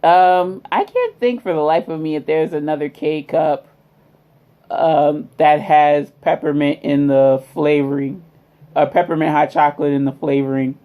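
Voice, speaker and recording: Woman reviewing a hot drink on her vlog, slow and easygoing, lots of ums and y'all. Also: low voice, fairly even intonation, warm tone. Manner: rambling, many fillers, addresses viewers as y'all. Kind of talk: casual product review chat.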